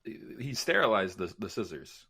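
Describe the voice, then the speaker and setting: A man's voice: lowish voice, very animated, a little slow, gravelly, sharp tone, husky. A man co-hosting a horror-film podcast, chatting in a joking, laid-back way. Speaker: podcast co-host. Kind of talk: casual podcast chat.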